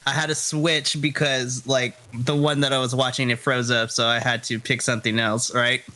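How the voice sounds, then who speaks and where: A man co-hosting a podcast, animated and sassy, laughing often in casual chat. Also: medium pitch, normal speed. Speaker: podcast co-host. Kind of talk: casual chat, live reaction.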